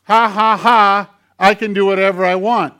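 A man's voice: high-pitched, sing-song, fairly quick, voice pushed up. A man voicing his own hand as a stubborn, defiant talking puppet that taunts and talks back. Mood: gloating. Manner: bratty, taunting.

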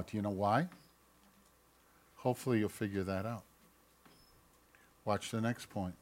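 A man preaching a sermon, swinging from loud mocking outbursts to quiet asides and acting out quoted voices. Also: on the low side, fairly even intonation, unhurried, long pauses. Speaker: pastor.

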